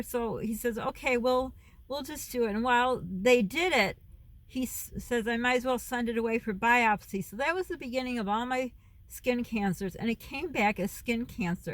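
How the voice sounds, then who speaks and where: A woman's voice: on the high side, dry recording. Chatty, rambling middle-aged woman vlogger. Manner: rambling, loses her thread and veers off topic; chatty, with frequent laughs. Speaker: vlogger and mom. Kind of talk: casual chat to camera. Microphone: camera phone.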